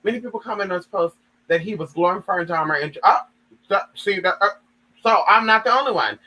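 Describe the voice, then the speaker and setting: A man's voice: high-pitched, brisk, bright, forceful tone, poor audio. A man giving sassy, dramatic gossip commentary, reading a story aloud and reacting to it.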